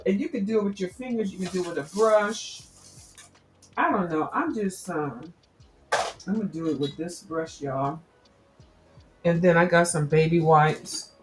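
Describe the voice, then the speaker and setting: A woman chats loosely with her viewers while she works on a craft project. Her voice sits a little low, and her talk is rambling and full of slang as she addresses everyone as y'all. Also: normal speed, pauses often, soft background music. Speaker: crafting livestream host. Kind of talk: casual chat while crafting.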